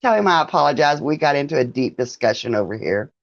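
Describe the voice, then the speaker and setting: A woman's voice: low-pitched, big pitch swings, fast talker, creaky, no room sound, dull audio. A woman hosting a casual livestream, chatting with viewers, greeting them by name and laughing often. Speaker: livestream host. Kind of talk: casual live-stream chat with viewers.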